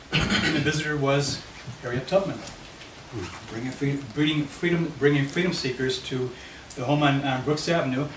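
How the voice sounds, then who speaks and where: Guy presenting his neighborhood plan at a meeting, mic far away, lots of background noise. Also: on the high side. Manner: walks listeners through a handout map. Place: meeting room. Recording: echoey room, mic far off, noisy.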